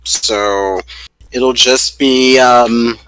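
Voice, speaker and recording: A man's voice: medium pitch, fairly even intonation, extremely slow, fairly bright tone, clean tone, no room sound, low-quality recording. A man co-hosting a podcast, chatting casually and ranting with profanity and emphasis. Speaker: podcast co-host. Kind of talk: casual chat.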